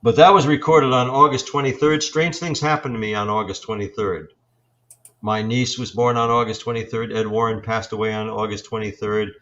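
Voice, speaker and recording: A man in his sixties, a paranormal investigator, telling his experiences in a halting, reflective way with many fillers and restarts. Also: lowish voice, level tone, fairly bright tone, muffled recording. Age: 60s. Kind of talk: storytelling in an interview.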